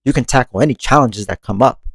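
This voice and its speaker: A man's voice: mid-range voice, quick pace, vocal fry, slightly rough, no room sound. A man hosting a monthly meditation podcast, reflecting on growth in a casual, conversational way, laughing often and swearing casually. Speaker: podcast host.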